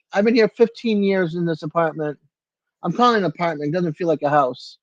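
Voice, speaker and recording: A man's voice: high-pitched, fairly quick, no echo, dull audio. An older man hosting a casual livestream from his apartment, answering viewers by name in a chatty way. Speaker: livestream host.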